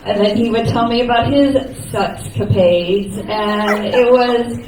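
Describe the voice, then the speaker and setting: Woman comic talking slow and frank at a memorial, echoey room, mic far away. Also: a little high, background noise. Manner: candid and joking, laughing between lines. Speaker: stand-up comedian. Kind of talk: comedic eulogy. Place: comedy cafe stage, live.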